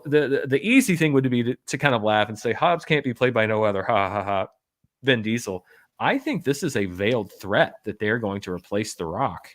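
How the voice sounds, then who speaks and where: A man hosting a casual live-stream news chat, talking in a wry, rambling way with lots of filler words. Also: on the low side. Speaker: host.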